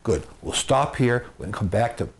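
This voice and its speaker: A man's voice: mid-range voice, expressive, moderate pace, slight background noise. A man who works as a marriage and family therapist, giving earnest advice to the camera, repeating phrases for emphasis and using everyday comparisons. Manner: gives homespun comparisons.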